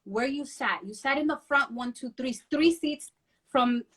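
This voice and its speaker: Animated storytelling woman, slightly high voice. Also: unhurried. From Union City, New Jersey. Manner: animated storytelling, switches into Spanish phrases. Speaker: guest. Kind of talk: casual conversational interview.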